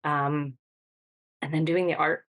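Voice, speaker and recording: A woman guest in a casual interview, recalling events with soft laughs. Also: sits low, steady tone, slow. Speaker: guest, retreat attendee.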